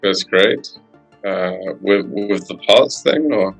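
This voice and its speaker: A man's voice: sits low, slow pace, vocal fry, faint music behind, rough recording. A man in his forties answering a coach hesitantly with brief replies. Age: 40s. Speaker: client. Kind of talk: coaching session.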